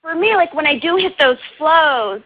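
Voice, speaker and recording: A talkative woman with a fairly high voice chats as an interview guest, upbeat and quick to laugh. Her voice comes through a dull, lo-fi online radio recording that takes the edge off the sound. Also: animated. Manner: chatty, upbeat, laughs often. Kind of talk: casual interview talk.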